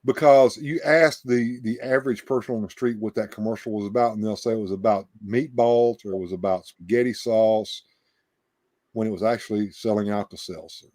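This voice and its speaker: A man's voice: lowish voice, fairly even intonation, a little fast, darkish tone, no room sound. A man hosting a live show, chatting casually and rambling with frequent restarts and repeated words. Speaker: livestream host. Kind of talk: casual chat.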